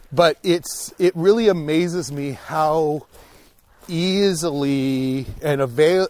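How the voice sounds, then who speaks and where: A young man chatting on a walk through a park, telling stories with lots of swearing and acted-out reactions. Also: a little high. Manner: animated storyteller, swears a lot, acts out his own reactions. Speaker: podcast guest. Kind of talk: casual chat on a walk. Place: outdoors on a park hiking trail.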